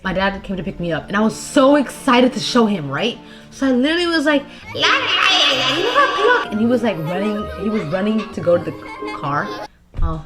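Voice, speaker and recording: A young woman vlogging as she builds something by hand, chatting to herself and her viewers in a casual, animated way. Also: mid-range voice. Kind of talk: casual chat while crafting.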